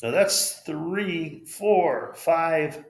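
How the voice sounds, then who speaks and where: A man's voice: on the high side, lively intonation, drawn-out words. A man with an American accent teaching English pronunciation, spelling out letters and modeling each word with patient care. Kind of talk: pronunciation lesson. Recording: roomy echo.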